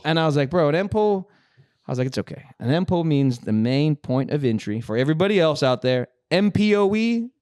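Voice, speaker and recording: A man's voice: mid-range voice, clean tone, dry recording, studio quality. A man hosting a podcast, telling a work story casually, swearing and acting out the other people's lines. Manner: animated, swearing, acts out dialogue. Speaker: podcast host.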